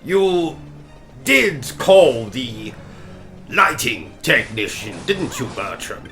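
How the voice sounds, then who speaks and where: A man's voice: mid-range voice, sing-song, drawn-out words, pushed and bright, soft background music. Pompous British man with a wildly swinging voice. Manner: pompous, theatrical, exclamatory. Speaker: gaming channel host. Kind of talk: comedic let's-play commentary with skits.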